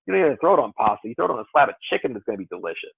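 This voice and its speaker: A man's voice: medium pitch, big pitch swings, very fast, gravelly, slightly rough. A male fitness coach talks through calorie math in a loose, rambling way, sounding things out as he goes. His voice comes over a thin, phone-like line. The sound is dry, with no room echo. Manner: rambling, conversational, works through numbers aloud. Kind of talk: casual coaching explanation. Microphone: call audio.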